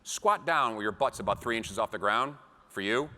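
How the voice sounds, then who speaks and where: Man, seminar speaker, lively pitch, bright voice, reverberant hall. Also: moderate pace. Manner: animated storytelling with acted quotes. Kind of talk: seminar talk to a live audience.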